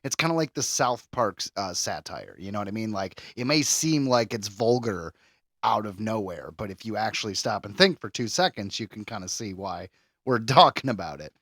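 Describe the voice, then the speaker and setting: Podcast co-host, man with a lively, swinging pitch, bright tone, teasing banter. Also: normal speed, no echo, studio quality. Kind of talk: casual podcast chat.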